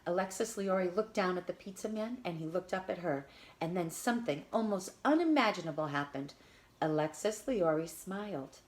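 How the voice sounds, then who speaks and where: A woman reading a children's picture book aloud in an expressive, lively storytelling manner. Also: on the low side, normal speed. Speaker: storybook reader.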